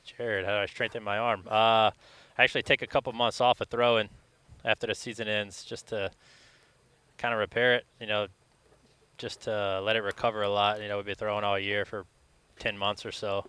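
Laid-back young man, bright crisp voice. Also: fairly low pitch, little pitch movement, a little fast. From Louisiana. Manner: laid-back, hesitant with many uhs. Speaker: guest athlete. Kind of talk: casual interview answers.

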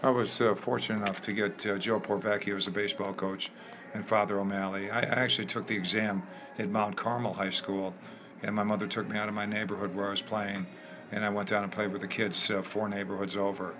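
An older man from Chicago, a guest in an interview, telling lively anecdotes with many fillers. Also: on the low side, fairly quick. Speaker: interview guest, former ballplayer. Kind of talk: storytelling in a conversation.

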